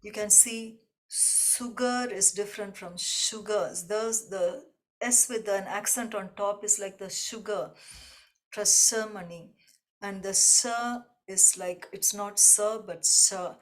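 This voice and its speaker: A woman leads a devotional class in an unhurried, measured way, with a voice of middle height. She explains slowly and reflectively and returns to each idea in new words. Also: medium pitch, fairly even intonation. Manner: slow, reflective, gently repetitive explanation. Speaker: spiritual teacher.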